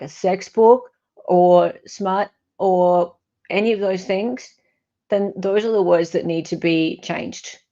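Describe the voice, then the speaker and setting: A woman's voice: medium pitch, mellow. An Australian woman hosts a casual livestream and reads viewer comments aloud. She talks in a chatty, wry way and corrects herself mid-sentence. The recording sounds dull and lo-fi. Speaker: online commentator.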